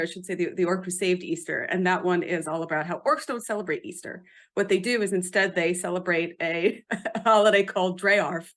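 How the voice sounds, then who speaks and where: A woman author chatting as a podcast guest, animated and quick to laugh, emphatic about how words are pronounced. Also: fairly low pitch. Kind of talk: casual podcast interview.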